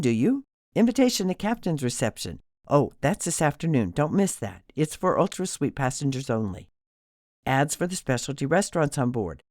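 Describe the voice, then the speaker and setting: A man's voice: a little mellow, no echo, studio quality. A man voicing a bubbly, nonstop-talking woman cruise director with a broad Midwestern twang, read as an audiobook character. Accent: Midwestern American. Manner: bubbly, nonstop, high-energy chatter.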